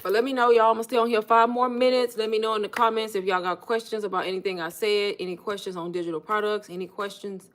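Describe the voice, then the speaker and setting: A woman's voice: medium pitch, flat delivery, fast, hardly any pauses. A chatty woman talks straight to her viewers on a livestream she runs from her phone. Her speech is loose and informal, and she keeps calling them "y'all" as she coaches them. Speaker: online business coach. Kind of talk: casual livestream talk to viewers.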